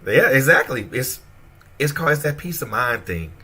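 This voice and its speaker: A man with a Southern American accent chatting casually on a radio show, telling stories with animated quoted voices. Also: medium pitch, moderate pace, breathy edge. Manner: animated storyteller, acts out quoted voices, laughs often. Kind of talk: casual chat.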